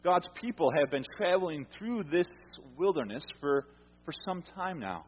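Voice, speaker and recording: A man's voice: on the high side, animated, normal speed, slight background noise. A man preaching a sermon in a conversational way, asking the congregation questions and repeating words as he goes. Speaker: pastor. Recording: reverberant hall, muffled sound.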